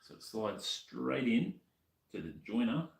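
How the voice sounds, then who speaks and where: A man's voice: medium pitch, very animated, unhurried, creaky, echoey room. A man with an Australian accent chatting casually to a stream while he works on a motorbike, muttering to himself as he goes. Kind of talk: casual live-stream chat while working.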